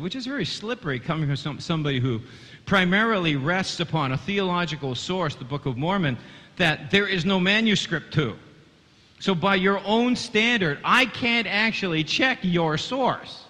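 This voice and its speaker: A man teaching scripture to a congregation with a bright, forceful voice, pausing on stacked fillers and restarts. His words trail off into a long hall reverb, as if heard across a church sanctuary. He calls on the listeners to follow and repeat after him. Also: fairly high pitch, animated. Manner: earnest, stumbling on fillers and restarts; addresses a congregation, asks them to repeat. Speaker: Bible teacher. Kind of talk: sermon teaching.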